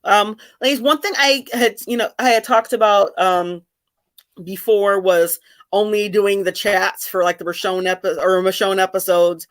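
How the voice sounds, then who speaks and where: A middle-aged woman hosting a casual video chat with fans, talking in an animated way with many restarts. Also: medium pitch, normal speed. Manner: chatty, animated, frequent restarts. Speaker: host of fan discussion chat.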